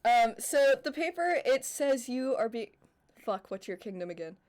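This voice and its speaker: A woman's voice: a little high, lively intonation, moderate pace, darkish tone. A woman narrating as game master of a tabletop game, casual and giggly, with fillers.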